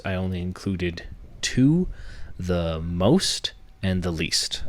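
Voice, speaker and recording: A man's voice: deep voice, a little hiss or hum. A young man hosting a podcast, explaining a workshop step by step in a teacherly way, building each point from worked examples. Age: young adult. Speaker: podcast host.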